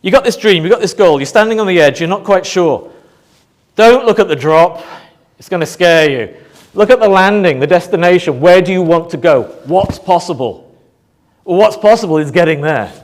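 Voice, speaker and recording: A man giving a motivational talk to a live audience, asking rhetorical questions and pausing for emphasis. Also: sits high, lively intonation. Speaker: motivational speaker.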